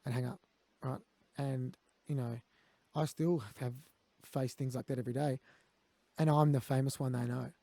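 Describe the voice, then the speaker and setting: A man's voice: mid-range voice, steady tone, moderate pace, warm tone, no echo. An Australian man telling candid stories as a guest in a conversation, blunt and peppered with swearing. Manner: blunt, swears, quotes others.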